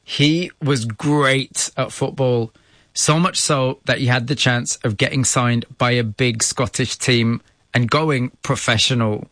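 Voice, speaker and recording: A male radio host moves between scripted narration and measured, empathetic interview questions. His voice sits at a middle pitch. The recording is dry and close. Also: steady tone, fairly bright tone, no room sound.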